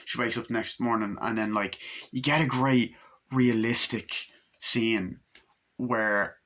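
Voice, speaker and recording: Man for a casual film review vlog, bright tone, rambling, swears freely. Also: mid-range voice, unhurried. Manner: profane, enthusiastic, filler-heavy. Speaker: movie reviewer.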